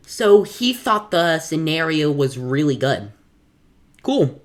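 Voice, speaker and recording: A woman with an unusually deep, low voice chats casually over a video she's watching, offering relaxed and amused remarks between clips. Her tone stays easygoing and conversational. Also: slow pace. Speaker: YouTuber reacting to a video. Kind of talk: casual reaction commentary.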